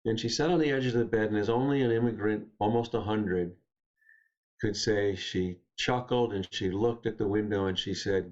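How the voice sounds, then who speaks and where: A man speaking as a guest poet, telling stories and reading poems in a gentle, unhurried, reflective way. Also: on the low side, dull audio. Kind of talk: reflective storytelling and poetry reading.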